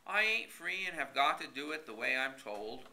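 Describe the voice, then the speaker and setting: A man's voice: mid-range voice, sing-song, normal speed, gravelly, sharp tone, pitched above the performer's own voice, full character voice, low-quality recording. A man voicing an easygoing rural man who answers in dry, laconic folksy talk. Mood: teasing.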